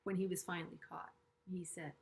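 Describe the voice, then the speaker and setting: A middle-aged woman earnestly telling a personal story to camera, halting and restarting often and dropping to hushed asides. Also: on the low side, flat delivery, gravelly. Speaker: vlogger sharing a personal story.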